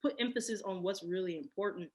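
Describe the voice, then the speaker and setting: A woman in her thirties, a guest on an interview podcast, answering in a reflective, unhurried way. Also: mid-range voice, darkish tone. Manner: reflective, many fillers and restarts. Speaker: podcast guest, cosmetic chemist. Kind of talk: casual interview.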